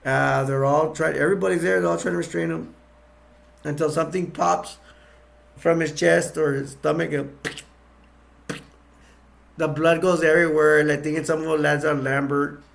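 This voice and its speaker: A man's voice: fairly high pitch, steady tone, moderate pace, vocal fry, long pauses, fairly bright tone. A man casually retelling a movie's plot, rambling with many fillers and restarts. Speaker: movie reviewer. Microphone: attached to a bag.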